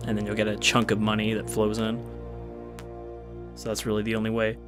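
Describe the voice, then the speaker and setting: A low-voiced man talks through a strategy game in a relaxed, offhand manner and explains each step as he plays. Game music runs clearly under his voice. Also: fairly quick. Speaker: gaming video host. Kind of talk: casual gameplay commentary. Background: game music and unit sounds.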